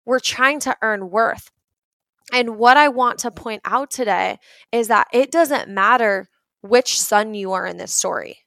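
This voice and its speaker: A woman's voice: a little high, unhurried, vocal fry, a bit bright, dry recording. Chatty, earnest young woman, dry close sound. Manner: chatty, earnest, frequent "like" fillers. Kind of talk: casual motivational talk.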